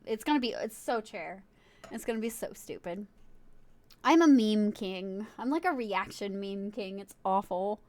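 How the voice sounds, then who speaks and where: A woman's voice: mid-range voice, animated, measured pace, a little mellow. A woman streaming live, chatting casually and giggling, swearing freely as she talks to her viewers and a friend in chat.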